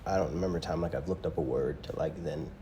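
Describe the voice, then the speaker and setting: A man's voice: extremely low pitch, quick pace, warm tone. A man in his twenties co-hosting a podcast, chatting casually with playful teasing and plenty of laughs. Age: 20s. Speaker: podcast co-host.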